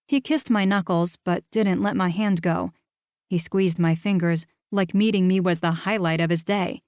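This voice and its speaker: A woman's voice: fairly low pitch, steady tone, moderate pace, darkish tone, no room sound. A woman narrating a first-person audiobook with a wry, dry-humored delivery.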